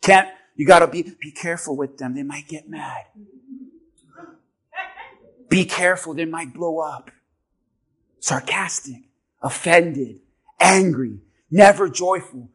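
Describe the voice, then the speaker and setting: Animated high-voiced male pastor preaching. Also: slow, pauses often, husky. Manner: animated, swings from quiet asides to shouting. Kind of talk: sermon with object lesson.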